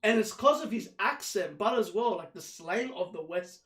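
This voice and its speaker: A man from South America whose first language is Spanish, hosting a casual chat and telling stories in an animated way. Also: high voice, echoey room, slight background noise. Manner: fast, animated storytelling with quoted dialogue. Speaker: host.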